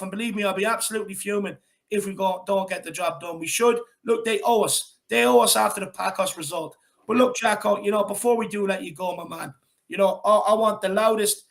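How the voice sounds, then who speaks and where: A man's voice: high-pitched, gravelly, a bit bright. A man hosting a fan call-in show, hyped, rambling and jokey. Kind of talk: casual chat.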